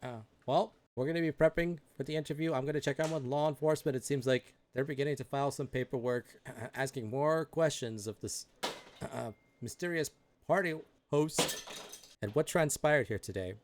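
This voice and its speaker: A man voicing a woman TV news reporter giving a formal, brisk on-scene sign-off in a tabletop game. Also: medium pitch, slight background noise, pitched above the performer's own voice, natural voice. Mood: composed.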